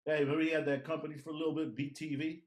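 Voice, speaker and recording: A man's voice: on the high side, level tone, racing. A man, the podcast host, making brief, jokey asides in a casual chat.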